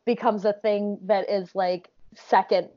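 Chatty female podcast guest, quick to laugh, dry and dull lo-fi sound. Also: mid-range voice, fairly even intonation, no echo. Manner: chatty, laughs often, many "like"s. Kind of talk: casual podcast interview.

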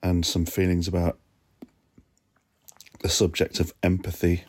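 Sleepy low-voiced man chatting from bed. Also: completely flat delivery, measured pace, a little mellow. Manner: sleepy, yawning, self-mocking. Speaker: podcast host. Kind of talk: relaxed reflective solo chat. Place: lying on his bed at home. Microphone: phone voice notes app.

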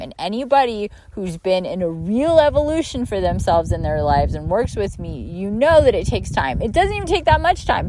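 A woman hosting an impromptu solo podcast as a spiritual coach, talking candidly and bluntly, swearing and laughing often, and now and then mimicking people in a high mocking voice. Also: a little hiss or hum, rough recording. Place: outdoors by a pond at her home.

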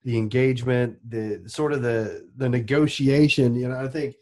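A man's voice: medium pitch, fairly even intonation, normal speed, a little mellow. A man co-hosting a podcast, reflecting aloud in a thoughtful, searching way. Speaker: podcast co-host. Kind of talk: interview chat.

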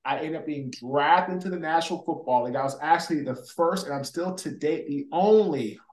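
Male interview guest, animated storyteller, slightly high pitch, recorded with room echo. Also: fairly quick. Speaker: guest, former pro football player. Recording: roomy echo.

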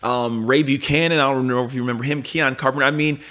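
Animated storytelling man in his forties. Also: mid-range voice, fast talker. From Pennsylvania, USA. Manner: animated storyteller who acts out quoted dialogue. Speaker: guest, former pro football player. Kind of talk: casual interview storytelling.

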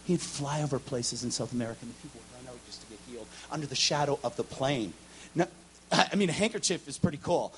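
A man preaching a charismatic sermon, telling stories with humor and swinging from loud shouts to hushed whispers. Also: medium pitch, fast, a little hiss or hum. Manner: storytelling, animated and humorous. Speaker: guest preacher.

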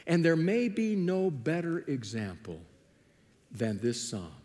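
A man preaching a sermon, telling Bible stories with lively acted-out dialogue. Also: a little high, slow pace, big-room sound. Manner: animated storytelling, acting out biblical dialogue. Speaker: pastor.

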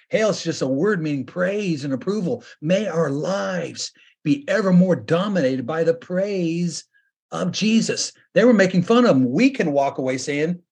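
A man preaching a sermon as pastor, earnest, slowing down and lifting his voice to stress points. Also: on the high side, lively intonation, creaky, a little mellow, breathy edge. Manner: earnest preaching that slows and rises for emphasis.

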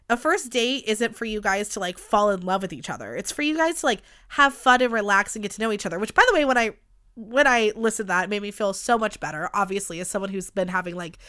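A woman's voice: a little high, bright, forceful tone, clean tone. A woman in her twenties hosting a solo podcast in casual chat, candid and chatty, swearing freely and dropping lots of likes. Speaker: podcast host.

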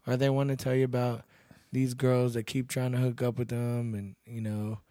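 A man's voice: medium pitch, flat delivery, moderate pace, warm tone, no echo, studio quality. Blunt, laid-back man from Texas. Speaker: podcast guest, bouncer and MMA fighter. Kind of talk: casual storytelling chat.

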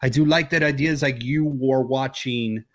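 A man's voice: medium pitch, fairly even intonation, moderate pace, fairly bright tone, no room sound. Rambling male podcast co-host, dry sound. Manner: rambling, restarts his thoughts often. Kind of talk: casual chat. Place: home, remote recording.

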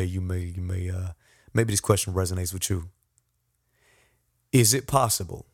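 A man hosting a podcast, telling a personal story with animated, repetitive, self-deprecating motivational talk. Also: deep voice, no room sound, clean studio sound. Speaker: podcast host.

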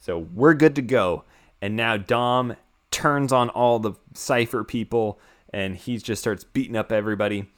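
Hosting an easygoing chat, a young American man goes over a film in rambling fashion, repeatedly saying "like" and starting over. He speaks at normal speed in a mid-range voice with a fairly bright tone.

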